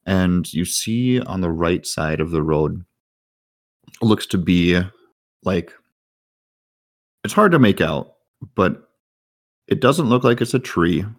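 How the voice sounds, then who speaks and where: A man narrating a tabletop game as game master, describing scenes with many fillers and pauses. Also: low voice, lively intonation.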